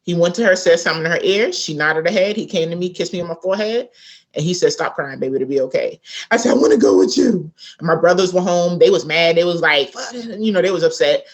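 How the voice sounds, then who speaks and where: A woman's voice: lowish voice, quick pace. A woman author from South Carolina, telling a family story in a casual interview and acting out the people in it. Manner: animated storyteller, acts out quoted voices. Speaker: author guest.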